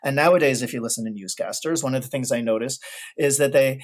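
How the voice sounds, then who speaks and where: A man, a guest expert on historical piano recordings, explaining ideas in a thoughtful, measured way during a casual interview. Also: mid-range voice.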